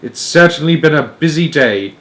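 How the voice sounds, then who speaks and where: A man voicing an excited old grandfather who whoops and sings out his words. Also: a little high, normal speed, pitched above the performer's own voice. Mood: cheerful. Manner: whooping, sing-song.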